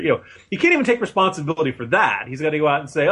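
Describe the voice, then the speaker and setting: Somewhat high husky guy, sarcastic political rant on a podcast. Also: lively intonation, fairly quick, fairly bright tone. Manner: sarcastic, emphatic, mocking. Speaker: regular co-host commentator. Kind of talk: political commentary chat.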